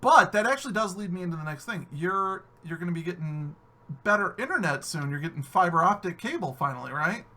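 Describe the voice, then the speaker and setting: A man's voice: high voice, fairly quick. A man from New York State hosting a live-streamed podcast, chatting casually and acting out other people's voices as he tells stories. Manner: animated storyteller, acts out other voices. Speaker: podcast host. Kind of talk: casual chat.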